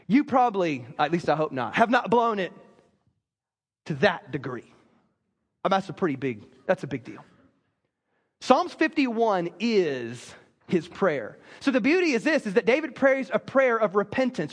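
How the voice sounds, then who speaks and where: High-voiced preacher in a reverberant hall. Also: male voice, moderate pace. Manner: conversational, animated storytelling with many fillers. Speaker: pastor. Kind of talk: sermon.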